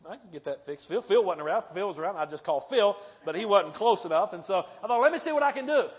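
High-voiced pastor preaching in a hall. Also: male voice, quick pace. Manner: lively storytelling, often asks the congregation "right?" and "okay?". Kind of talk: sermon. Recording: dull sound with long hall reverb.

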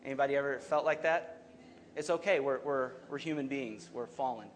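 A man's voice: mid-range voice, steady tone, brisk, slight background noise. A young adult man preaching a sermon as pastor, talking conversationally and asking the congregation questions.

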